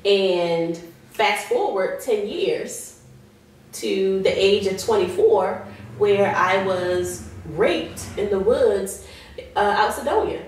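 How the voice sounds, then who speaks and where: A woman being interviewed as a guest, giving an emotional personal testimony in an earnest way. She slows down on heavy moments. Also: medium pitch, a little hiss or hum. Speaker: guest sharing her survival story. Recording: very echoey room, voice far from mic.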